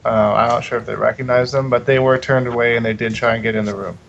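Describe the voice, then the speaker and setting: A man with a mid-range, gravelly voice, speaking calmly and carefully without taking sides. The sound is muffled, as through online call audio. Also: medium pitch. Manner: measured, noncommittal. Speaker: guest witness.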